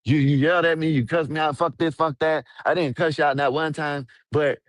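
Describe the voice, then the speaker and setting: A man's voice: on the high side, fairly even intonation, a little fast, no echo, studio quality. A man on a live stream panel, defending himself in a stammering, repetitive way. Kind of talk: heated argument on a live stream.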